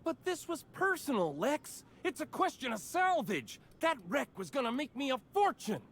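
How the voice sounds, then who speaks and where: A man's voice: very high voice, very animated, normal speed, a bit bright, exaggerated voice. An actor voicing a petty, hotheaded male junk salvager in a video game, with a whiny, indignant manner.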